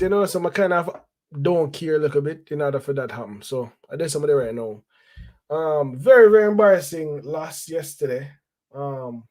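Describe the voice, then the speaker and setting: With a mid-range voice and dark tone, a laid-back man hosts a football fan channel's casual solo talk show. He keeps it conversational, repeats phrases, and drops in slang here and there.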